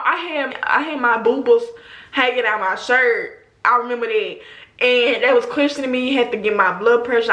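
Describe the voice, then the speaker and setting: A young adult woman vlogger telling a story in a slangy, animated way, talking straight to her viewers. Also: on the high side. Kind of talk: casual storytime. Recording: roomy echo.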